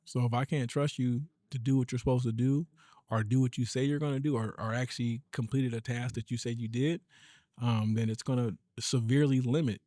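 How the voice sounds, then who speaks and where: A man's voice: medium pitch, mellow, dry recording, clean studio sound. Easygoing man telling parenting stories. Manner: easygoing storyteller, acts out stern quotes to his daughter. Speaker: podcast co-host. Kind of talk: casual chat.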